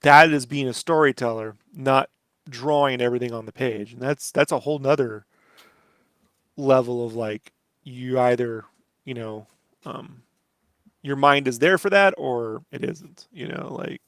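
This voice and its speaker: A man's voice: medium pitch, measured pace, fairly bright tone, smooth, no room sound, clean studio sound. A man, a comic artist, chatting casually while he inks, rambling with many fillers and the odd swear. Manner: rambling, lots of "like" and "you know", swears casually. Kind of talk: casual chat while drawing.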